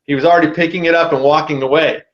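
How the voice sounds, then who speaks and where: A man as a podcast guest telling a story in a casual, animated way, with a lot of slang. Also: fairly high pitch, rapid-fire, roomy sound, dull audio.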